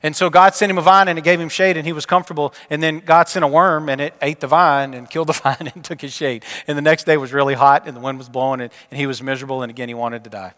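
A man preaching a sermon, telling a story and asking his listeners questions, often dropping to a hushed voice to close a point. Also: fairly high pitch, fairly even intonation, fast, few pauses. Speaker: pastor. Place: church sanctuary. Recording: long church hall reverb.

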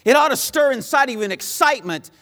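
A man preaching a sermon, emphatic and repetitive, swinging between loud pleas and hushed lines. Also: very high voice, expressive, fast talker, long reverb tail.

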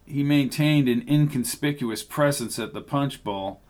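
A man reading an audiobook in steady scripted narration. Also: medium pitch, measured pace.

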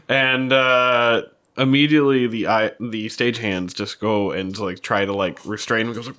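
A man's voice: fairly low pitch, fairly even intonation, normal speed, bright, forceful tone, clear, resonant tone. A man narrating as game master of a tabletop game, loose and full of fillers.

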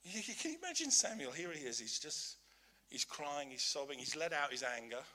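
High, sharp-toned male preacher. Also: big pitch swings, fairly quick. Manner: emphatic, repeats key lines; humorous asides with laughter. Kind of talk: sermon.

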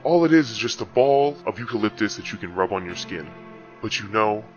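A man voicing a salesy male announcer in a mock grocery commercial, drawing out his words slowly. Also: lowish voice, animated, close to an everyday voice. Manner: slow, salesy, drawn-out words. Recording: dull lo-fi sound with music.

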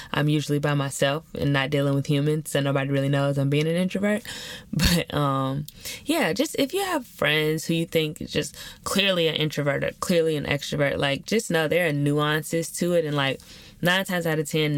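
A young woman hosts a podcast in a low voice on a dry recording. She chats candidly and animatedly, using slangy, casual language.

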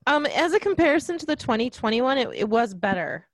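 Woman podcast co-host, casual chat, wry, joking, slightly high voice, dry sound. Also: very animated, quick pace, dry recording.

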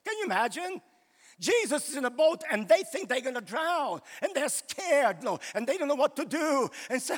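A man's voice: very high voice, big pitch swings, normal speed, big-room sound. A male pastor preaching a sermon in a loose, conversational way, full of "you know" fillers, recorded live in a church.

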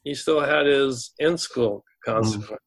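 A man working in school administration, telling a long story in an interview, halting and repeating words as he goes. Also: mid-range voice.

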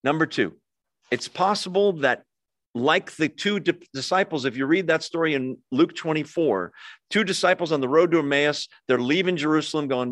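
A man's voice: a little high, moderate pace. An older man teaching the Bible in a chatty, conversational way, often asking his listeners questions. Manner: chatty, asks the audience questions, animated. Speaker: pastor. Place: church hall with in-person and online audience.

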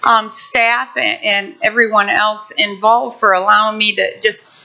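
An older woman pastor gives a heartfelt, conversational sermon, restarting often. Her mid-range voice is gravelly yet bright, level and unhurried, with a forceful tone, captured in a muffled lo-fi recording.

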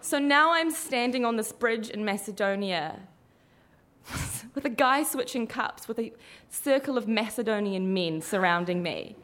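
A young adult woman telling a story, lively and often laughing as she talks. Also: a little high, measured pace. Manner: animated, laughing through the telling. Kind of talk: live storytelling.

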